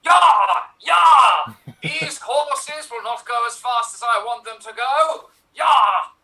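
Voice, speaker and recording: A man's voice: very high voice, measured pace, pushed and bright, recorded from a distance. A man performing in an improvised comedy scene over a video call, barking bossy orders.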